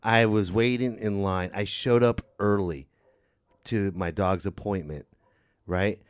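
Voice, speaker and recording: A man's voice: fairly low pitch, fairly even intonation, measured pace, clear, resonant tone, no room sound, studio quality. A man hosting a casual podcast. He laughs often and tells stories with animation. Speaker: podcast host.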